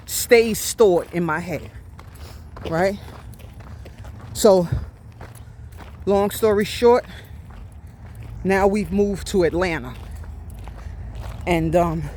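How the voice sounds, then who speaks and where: A woman in her fifties talks at an unhurried, drawn-out pace as she walks outdoors, slightly out of breath. She confides in her listeners and keeps checking in with them. Faint street sounds sit behind her voice. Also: mid-range voice, darkish tone, slight background noise. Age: 50s. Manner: confiding, with frequent "right?" check-ins. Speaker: vlogger. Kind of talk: casual storytelling while walking. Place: outdoors on a walk.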